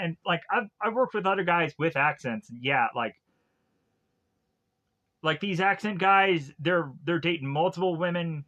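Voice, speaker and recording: Rambling, bright-voiced male streamer. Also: a little high, moderate pace, highs cut off. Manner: rambling, full of fillers and laughs. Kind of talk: casual film recap and rambling anecdotes.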